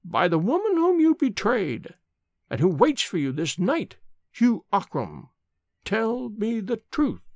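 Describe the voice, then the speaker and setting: A man voicing an ancient female nurse who questions a dying man slowly and insistently. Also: high voice, huge pitch swings, dry recording, studio quality, pitched above the performer's own voice, exaggerated voice. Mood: relentless. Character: ancient crone nurse, relentless and grim.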